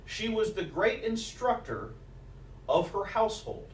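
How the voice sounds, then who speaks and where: Recorded from afar in an echoey church sanctuary, this male pastor delivers his sermon at a measured pace in a high, very animated voice. He weaves stories together with scripture and mothers' old sayings. A little hiss or hum is audible.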